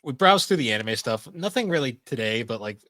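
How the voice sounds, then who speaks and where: A man's voice: medium pitch, big pitch swings, brisk, pushed and bright, no room sound. A young adult man co-hosting a podcast in casual chat, rambling and swearing freely. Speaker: podcast co-host.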